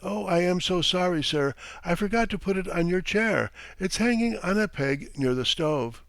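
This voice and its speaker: A man's voice: high-pitched, expressive, moderate pace, creaky, no room sound, pitched above the performer's own voice. A man voicing a tearful, indignant female servant who protests plaintively against her master. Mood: apologetic.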